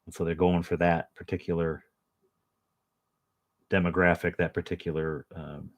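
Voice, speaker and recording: A deep-voiced man talks with flat delivery at a moderate pace while painting at home. Hosting his miniature-painting channel, he rambles casually, pokes fun at himself and tosses in jokey asides.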